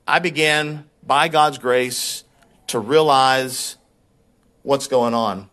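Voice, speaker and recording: A man preaching a sermon as a pastor, telling a personal story in a conversational, animated way and repeating words when he gets worked up. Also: mid-range voice, drawn-out words.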